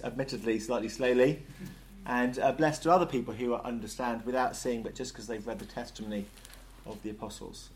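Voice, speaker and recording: A man leading an interactive Bible study, lively and jokey, asking the group questions. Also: mid-range voice, fairly quick, slight background noise.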